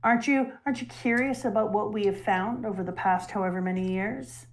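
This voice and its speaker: A young adult woman hosting a casual talk show, retelling a story with animated, emotional energy. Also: medium pitch, a little fast. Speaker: show host. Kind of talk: casual chat retelling a manga.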